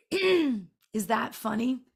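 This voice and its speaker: A middle-aged woman working as a spiritual medium, chatting casually through a live online reading, sing-songy and quick to laugh, with lots of fillers. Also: a little high, sing-song, vocal fry, breathy edge.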